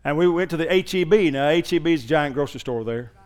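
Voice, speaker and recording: Male pastor, fairly high voice, folksy storytelling sermon with shouted peaks. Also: fast, smooth.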